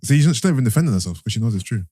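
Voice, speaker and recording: A man's voice: mid-range voice, very fast, husky, no echo. A man hosting a podcast, telling a story and teasing his co-hosts in casual banter. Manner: teasing, storytelling with lively put-on quotes. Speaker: podcast host.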